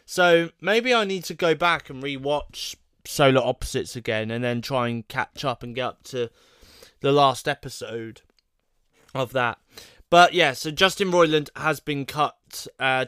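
A man's voice: medium pitch, measured pace, fairly bright tone, smooth, no room sound, clean studio sound. A man casually chatting on his own as a vlogger, rambling and thinking aloud, often unsure of himself. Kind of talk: casual solo chat to camera.

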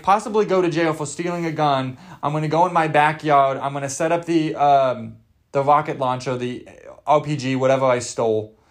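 A young man hosting a podcast, ranting in a rambling, jokey, over-the-top way and swearing freely. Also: on the high side. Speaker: podcast host. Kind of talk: casual comedic rant.

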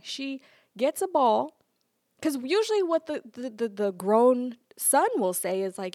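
A woman hosting a casual solo podcast, animated and playful, laughing often and acting out little quotes. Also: a little high, measured pace, dry recording, studio quality. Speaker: podcast host.

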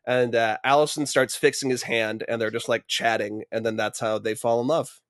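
A man's voice: mid-range voice, steady tone, moderate pace, fairly bright tone, no room sound. Man co-host, casual profane film recap, laughs a lot, dry close sound. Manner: profane, laughing, acts out scenes. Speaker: podcast co-host.

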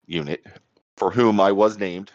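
Low-voiced casual podcast host, man. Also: unhurried, darkish tone, no echo, dull audio. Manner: chatty, joking, trailing off. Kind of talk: casual chat.

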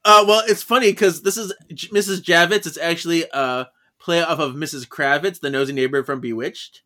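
A man's voice: fairly high pitch, a little fast. A man co-hosting a casual podcast, retelling a comic with plenty of laughter. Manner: giggly, animated retelling. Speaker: podcast co-host. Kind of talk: casual chat.

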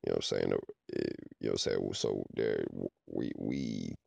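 A man's voice: a bass voice, normal speed, vocal fry, darkish tone, husky, dry recording, lo-fi sound. A man hosting a podcast, talking casually in a rambling way and often checking in with "you know what I'm saying". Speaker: podcast host. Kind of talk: casual monologue.

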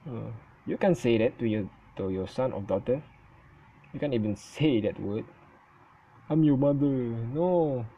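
A man whose first language is Malay, giving his opinion in casual talk on his channel, halting and stuttering and often correcting himself. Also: mid-range voice, animated, warm tone, husky, lo-fi sound. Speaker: vlogger. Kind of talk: casual spoken opinion recording.

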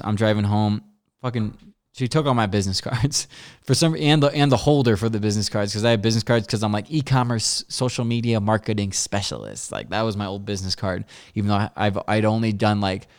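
A man's voice: on the low side, darkish tone, clean tone. A man hosting a podcast, telling stories in a casual, rambling way with lots of fillers and voiced quotes. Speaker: podcast host. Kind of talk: casual storytelling.

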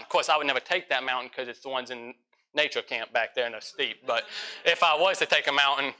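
Animated preacher man with a bright voice. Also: mid-range voice. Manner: animated, acts out conversations in quick voices. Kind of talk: sermon. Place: church, in front of a congregation.

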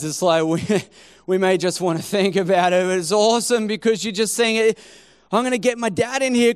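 A male preacher telling a story mid-sermon with humor and lively energy. His voice sits high and conversational, drawing listeners in.

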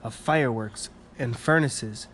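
A man voicing a kindly, protective male winter dragon in a storybook read-aloud, speaking gently with soft chuckles. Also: mid-range voice, a little slow, crowd noise, close to an everyday voice. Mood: gentle.

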